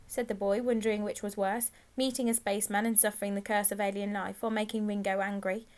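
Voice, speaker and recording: A woman narrating a children's audiobook in a clear, measured reading. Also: mid-range voice, flat delivery, darkish tone. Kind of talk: scripted storybook narration.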